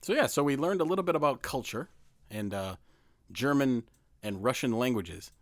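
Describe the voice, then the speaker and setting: A male podcast co-host who talks in an easygoing, joking way and restarts his phrases. His voice has a mid pitch. The sound is dry and close to the mic. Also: expressive, moderate pace, no echo. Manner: easygoing, joking, repeats words. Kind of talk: casual chat.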